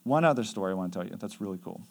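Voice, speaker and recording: A man's voice: deep voice, expressive, rapid-fire, creaky, a little mellow, breathy edge. A man leading youth mission trips tells stories in a casual, conversational way, full of fillers. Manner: conversational, chatty with many fillers. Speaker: youth mission trip leader. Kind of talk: casual storytelling.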